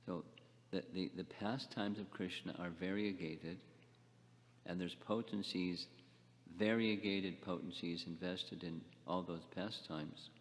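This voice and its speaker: An older man giving a scripture class lecture, speaking haltingly, repeating words and asking the class questions. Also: low-pitched, steady tone, in a large hall. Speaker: spiritual teacher.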